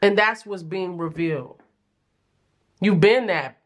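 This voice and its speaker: A young adult woman giving a casual pick-a-card tarot reading, chatty and animated, with playful slang and frequent laughs. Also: on the low side, slow. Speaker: tarot reader.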